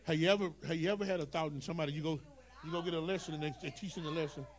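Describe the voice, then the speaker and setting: A male pastor preaching a sermon, dropping to low storytelling and rising to shouted, whooping calls. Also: steady tone, rapid-fire. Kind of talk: Black Baptist preaching.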